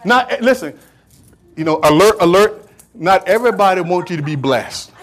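A man delivering a sermon in an unusually high voice for a man. He talks to the congregation conversationally, with streetwise turns of phrase. He stacks repeated words and phrases for emphasis. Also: expressive, normal speed. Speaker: preacher.

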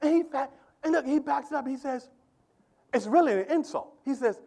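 A man preaching a sermon in a church. He talks plainly, repeats himself, and swings between loud calls to the congregation and quiet asides. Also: very high voice, animated, moderate pace, vocal fry. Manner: call-and-response preaching, loud and quiet by turns; colloquial, repeats words. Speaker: pastor.

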